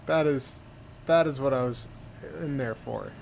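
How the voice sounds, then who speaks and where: Gaming host, male, unhurried and chatty, thinks aloud as he plays, faint hum behind. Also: medium pitch, vocal fry, darkish tone. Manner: easygoing, muttering to himself with fillers. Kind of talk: casual gameplay commentary.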